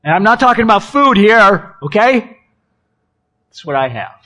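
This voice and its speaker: A man preaching a sermon in an animated, playful way, swinging between loud exclamations and hushed asides. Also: high-pitched, normal speed. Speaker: pastor.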